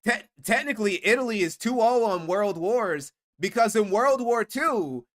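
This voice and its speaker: A man hosting a live stream, talking in an animated, sarcastic rant. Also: high-pitched, moderate pace. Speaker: stream host.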